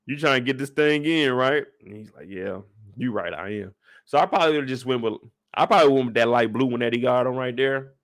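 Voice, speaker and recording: A man's voice: medium pitch, fairly even intonation, quick pace. A young man casually recapping a TV episode in laid-back, slangy talk, laughing easily. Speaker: show recap YouTuber.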